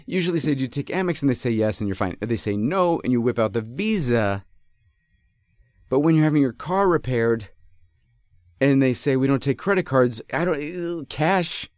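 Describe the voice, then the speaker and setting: A man's voice: a little high, no room sound, studio quality. A man hosting a podcast, telling a rambling story in a casual way, often correcting himself as he goes. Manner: rambling, self-correcting, animated. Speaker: podcast host.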